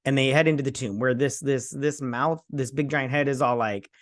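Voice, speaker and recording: A man's voice: medium pitch, fairly even intonation, moderate pace, no room sound, studio quality. A man hosting a TV review channel, recapping an episode in a rambling, sarcastic, casual way full of fillers.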